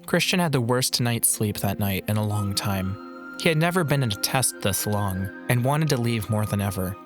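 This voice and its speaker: A man narrating a fantasy audiobook in a measured, dramatic storytelling manner. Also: on the low side, expressive. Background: background music.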